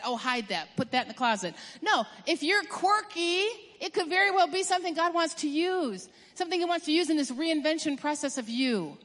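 A woman's voice: high voice, a bit bright. Emphatic woman preaching in a reverberant hall. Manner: emphatic, swings from quick bursts to drawn-out stresses. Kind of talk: sermon.

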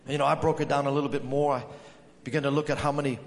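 A man's voice: on the high side, little pitch movement, rapid-fire. A man preaching a sermon as pastor, telling a workplace story and lifting his voice when he quotes others. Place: church sanctuary. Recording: echoey hall with music behind.

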